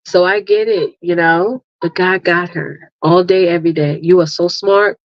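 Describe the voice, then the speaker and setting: A woman hosting a casual livestream, lively and chatty, laughing often and calling listeners honey and girl. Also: on the low side, normal speed, dry recording. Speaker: livestream host and marketing coach. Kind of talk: casual live chat. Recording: dull lo-fi, dry sound.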